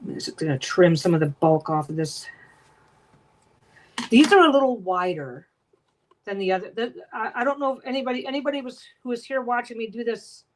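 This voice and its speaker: A woman's voice: a little high, poor audio. A woman chatting casually to her livestream viewers while she sews at home, talking bluntly and swearing freely. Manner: swears a lot, blunt and talkative. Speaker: quilter and livestream host. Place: home sewing room.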